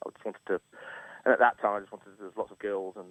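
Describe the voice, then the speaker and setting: A man's voice: lowish voice, fairly even intonation, rapid-fire, a bit bright, dry recording, poor audio. A middle-aged man from England, a chef telling a story as a radio guest, acting out quotes and laughing often. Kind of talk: casual storytelling interview. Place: radio studio. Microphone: studio microphone.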